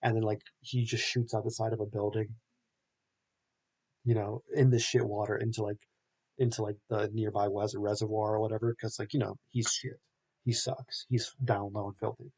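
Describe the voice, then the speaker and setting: A man's voice: fairly low pitch, level tone, normal speed, a little mellow, slightly rough. A young man hosting a podcast, recapping a film in a rambling, casual way full of filler words. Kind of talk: casual chat.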